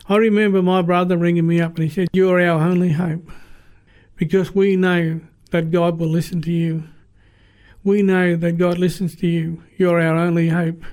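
A man's voice: sits high, darkish tone. A middle-aged man preaching a sermon as a pastor, telling stories with passion and repeating phrases for emphasis.

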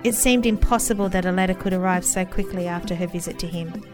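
A woman hosting the program, recapping the story in a clear, measured way. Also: lowish voice. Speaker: radio host. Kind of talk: scripted presenting. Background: music.

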